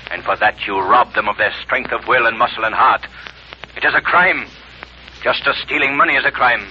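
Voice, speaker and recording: A man's voice: medium pitch, moderate pace, sharp tone, lo-fi sound, a little hiss or hum. An actor playing a mysterious unseen male avenger who speaks as a conscience, commanding and solemn, in 1940s radio acting. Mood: accusing.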